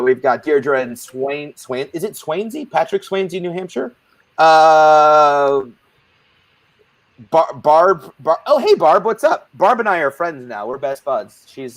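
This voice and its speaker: A man's voice: on the high side, sing-song, measured pace, dry recording. A man hosting and moderating a live support group panel in a playful, rambling, jokey way.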